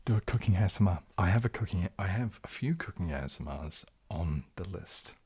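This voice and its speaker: Brief: New Zealand man, whispered soft-spoken chat, slightly low voice, hesitant. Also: lively intonation, brisk, slightly rough. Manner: shifts between whisper and soft speech, hesitant with fillers. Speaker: ASMR livestream host.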